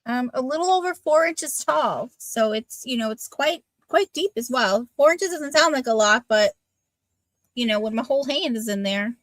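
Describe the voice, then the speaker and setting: Woman, high voice, live sale co-host, chatty descriptions, dry sound. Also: animated, moderate pace, a bit bright, no room sound. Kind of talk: casual live sale chat.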